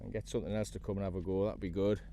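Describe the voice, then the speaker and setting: This low-voiced man from North East England talks very fast as he fishes from a kayak at sea, chatting to the fish he reels in. He's an excitable, chatty fishing vlogger giving running commentary, and there's a little hiss or hum on the audio.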